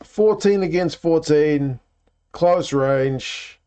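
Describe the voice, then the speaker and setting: A man's voice: a little high, extremely slow, mellow, smooth. A man hosting a casual live watch-along, reacting to play and chatting with viewers. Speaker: livestream host. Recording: dull lo-fi stream audio.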